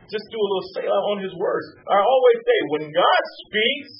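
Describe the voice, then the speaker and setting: High-voiced preacher guy, swoops way up and down, sounds far off and muffled. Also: fairly quick. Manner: animated, swooping between high exclamations and low hushed tones. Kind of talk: sermon. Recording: distant mic, muffled sound, faint hum.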